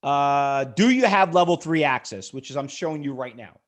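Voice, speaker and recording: A man's voice: medium pitch, animated, moderate pace. A middle-aged man teaching day trading on a live webinar, selling hard with rhetorical questions and calling on viewers by name. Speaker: trading instructor. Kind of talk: live webinar sales pitch.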